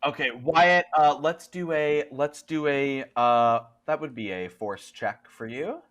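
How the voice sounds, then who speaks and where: A man's voice: medium pitch, measured pace, a bit bright. A man narrating as game master of a tabletop horror game, often laughing and restarting his sentences.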